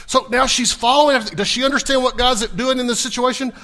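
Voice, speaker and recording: A man's voice: very high-pitched, fairly even intonation, a little fast, sharp tone. A man preaching a sermon, asking the congregation questions and acting out the scripture dialogue. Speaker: pastor.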